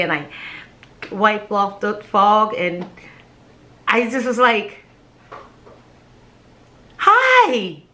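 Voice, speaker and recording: A woman, a mother, telling a personal story to camera in a halting, emotional way, often repeating her words and laughing between phrases. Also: medium pitch, a bit bright. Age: adult with children. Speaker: vlogger sharing a personal story.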